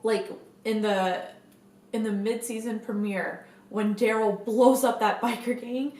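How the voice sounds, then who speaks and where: A woman's voice: fairly high pitch, fairly even intonation, measured pace, a little mellow. A young woman vlogger chatting casually to camera, gushing enthusiastically and swearing now and then. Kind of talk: casual fan chat to camera. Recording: echoey room.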